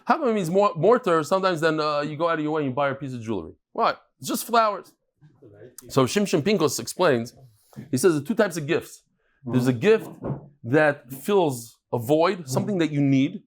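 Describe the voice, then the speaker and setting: Male Talmud teacher, slightly high, chatty storyteller with a live group. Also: lively intonation, a little fast. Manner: joking, storytelling, chatty with laughs. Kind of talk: daf yomi lecture with jokes and stories.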